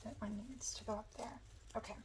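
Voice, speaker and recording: A woman with a hoarse voice, casually explaining step by step how she makes a wreath as she works. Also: medium pitch, flat delivery, fairly quick, slight background noise, rough recording. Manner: chatty, talks while working with her hands. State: hoarse, losing her voice. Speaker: craft tutorial host. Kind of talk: step-by-step crafting instruction.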